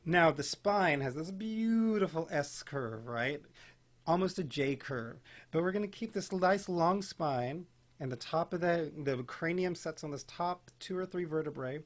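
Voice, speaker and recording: High-voiced encouraging male singing teacher. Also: animated, a little slow. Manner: encouraging, playful, demonstrates sung vocal exercises. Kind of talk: online group voice class. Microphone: home video call mic. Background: keyboard accompaniment.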